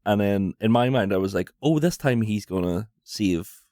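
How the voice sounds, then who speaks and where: A man's voice: fairly low pitch, expressive, moderate pace, dark tone, dry recording, studio quality. A man with a Northern Irish accent, a guest in a casual film chat, laid-back and swearing freely. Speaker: podcast guest.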